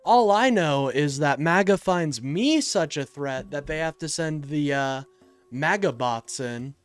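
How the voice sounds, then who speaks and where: A man's voice: on the high side, expressive, a little slow, clean tone, faint music behind. A young man hosting a political live stream, reading chat and answering it in a heated, exasperated way. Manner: heated, exasperated, swings between loud and muttered.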